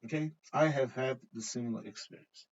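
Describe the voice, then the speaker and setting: A middle-aged Portuguese vlogger with a Portuguese accent delivers a casual monologue in a brisk, medium-pitched voice, giving blunt opinions, swearing freely, and often checking in with "okay?". The recording is dull and lo-fi.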